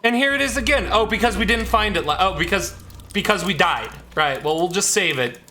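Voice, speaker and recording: Jittery high-voiced man streaming a horror game. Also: animated, fairly quick, pushed and bright, a little hiss or hum. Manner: jittery, talks to himself and the game, repeats lines when scared. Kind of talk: live horror game commentary.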